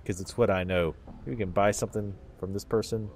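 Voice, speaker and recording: A man's voice: fairly low pitch, steady tone, a little fast, darkish tone, a little hiss or hum. A man casually commenting while playing a game, chatting wryly and thinking aloud. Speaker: let's play commentator.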